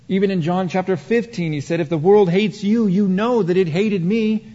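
Male preacher, slightly high voice, dramatic delivery, long reverb and a dull, muffled recording. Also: moderate pace. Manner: dramatic preaching, rising to heated emphasis and dropping to hushed. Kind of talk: sermon.

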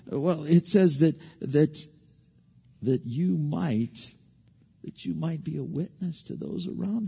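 A man preaching a sermon, animated, swinging from loud emphasis to hushed asides and often repeating words as he restarts. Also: fairly high pitch, slow, vocal fry, husky, long reverb tail, lo-fi sound.

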